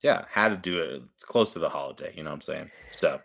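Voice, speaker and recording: A man's voice: a bass voice, expressive, quick pace, gravelly, a bit bright. A man hosting a casual sports chat podcast, laid-back and joking. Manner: laid-back, joking, calls cohost baby. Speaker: podcast host.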